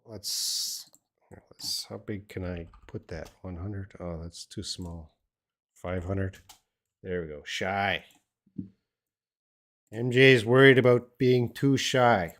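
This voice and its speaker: With a deep voice, an older Australian man speaks slowly and pauses often while answering viewers' questions in a live stream English lesson. As their teacher, he keeps it casual, rambling with plenty of fillers and restarts.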